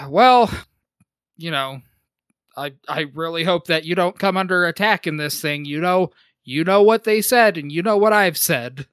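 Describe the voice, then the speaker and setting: Man, tabletop player, slow, polite, hesitant, smooth clear voice. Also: on the high side, a bit bright, no room sound. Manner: hesitant, polite, many fillers. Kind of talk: in-character role-play.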